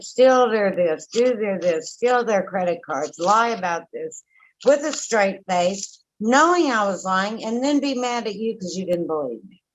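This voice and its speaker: A woman's voice: on the high side, slight background noise, low-quality recording. A woman, candidly telling her recovery story as an interview guest, blunt and emotional with frequent tangents.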